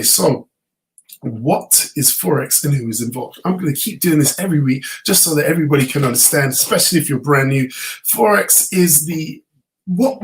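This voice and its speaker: A man teaching a live online class, sounding a little tired. He explains step by step in a relaxed way. He often stops with ums and starts his sentences over. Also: a little high, low-quality recording. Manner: relaxed, explanatory, many fillers and restarts. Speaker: trading course instructor.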